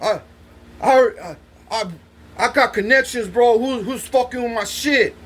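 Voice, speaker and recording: A man voicing an indignant male inmate who complains loudly and stammers. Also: very high voice, unhurried, slight background noise, voice pushed up.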